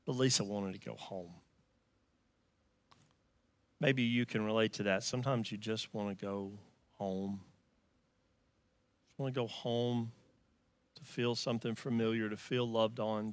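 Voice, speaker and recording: A man with a Southern US accent preaching a sermon, telling a story and swinging from loud emphatic lines to quiet hushed ones. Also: mid-range voice, dry recording. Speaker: pastor.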